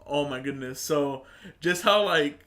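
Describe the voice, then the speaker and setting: A man co-hosts a relaxed podcast conversation with a slightly high, bright voice. He retells scenes in an animated way, full of laughter. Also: measured pace. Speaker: podcast co-host. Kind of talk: casual chat.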